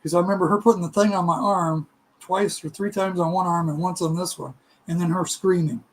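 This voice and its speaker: A middle-aged man telling a casual, animated story, laughing and acting out other people's voices. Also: sits high, a little fast, low-quality recording. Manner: animated, laughing, acts out voices in his stories.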